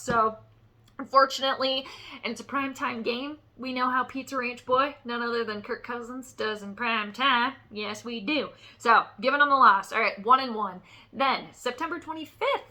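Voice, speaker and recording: Woman sports vlogger, playful and self-teasing, high-pitched. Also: sharp tone. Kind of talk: casual football predictions vlog.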